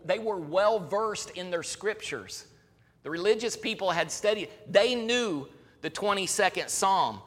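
Earnest preacher man in a reverberant hall. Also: sits high. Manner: earnest preaching, swings from raised to hushed delivery. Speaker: pastor. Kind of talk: sermon. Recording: long reverb of a large hall.

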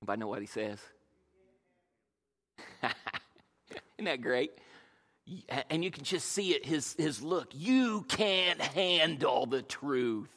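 Bright-voiced preacher in a big hall. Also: male voice, mid-range voice, unhurried, long pauses. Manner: jokey, animated, self-deprecating storytelling. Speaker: pastor. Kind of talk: humorous sermon. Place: church. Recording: long reverb of a large church hall.

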